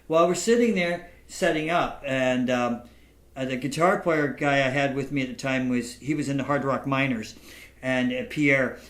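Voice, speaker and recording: Halting, laughing man host in an echoey room. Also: mid-range voice, fairly bright tone. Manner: halting, repeats words, laughs often. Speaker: podcast host. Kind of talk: casual interview chat and storytelling.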